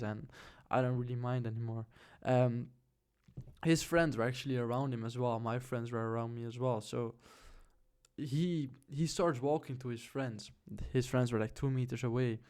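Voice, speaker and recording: A young man telling a story straight to camera in a relaxed vlog. His talk is loose and slangy, full of fillers and quick asides. His voice sits at an ordinary middle pitch. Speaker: vlogger.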